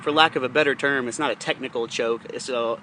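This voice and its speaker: A young man with a bright, forceful voice rambles through a profane personal story, laughing now and then as he talks. Faint traffic hum sits behind him. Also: mid-range voice, fairly even intonation, quick pace. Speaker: podcast host. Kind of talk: casual storytelling monologue.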